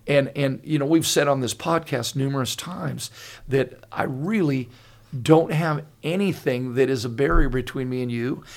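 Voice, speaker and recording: At a moderate pace, this older pastor speaks in a creaky, medium-pitched voice while hosting a laid-back podcast conversation. Earnest and animated, he tells stories and often restarts his sentences.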